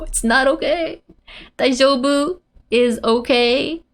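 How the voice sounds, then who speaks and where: A woman's voice: fairly high pitch, slow. Cheerful woman teaching Japanese, laughing often. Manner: cheerful, laughs often, quotes lines in animated character voices. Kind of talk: casual explanatory lesson.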